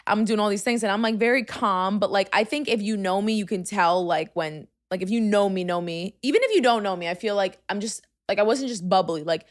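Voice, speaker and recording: A young woman hosting a podcast, telling a story in casual chat, swinging from hushed asides to loud, exasperated outbursts and using "like" constantly. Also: mid-range voice. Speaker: podcast host.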